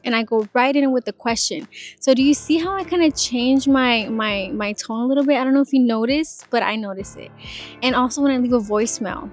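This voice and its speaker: A woman's voice: on the high side, brisk, soft background music. A woman in her twenties, an insurance sales agent, chatting casually and animatedly in an advice vlog. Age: 20s. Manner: chatty, animated, demonstrates phone voices.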